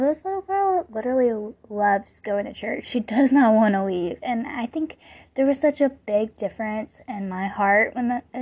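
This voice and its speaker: A woman's voice: on the high side, a little mellow. A woman in her late teens hosting a podcast, telling stories in a loose, rambling way with lots of "like" fillers. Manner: rambling storytelling, full of "like" fillers. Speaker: podcast host. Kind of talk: casual podcast monologue.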